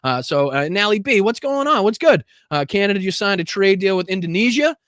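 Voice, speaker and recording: Laughing, cursing, and winded, a man with a Boston accent runs a rowdy political livestream full of profane commentary and thanks to viewers. His high-pitched voice is expressive and a little fast, with a fairly bright tone. The recording is dry and cleanly studio-made.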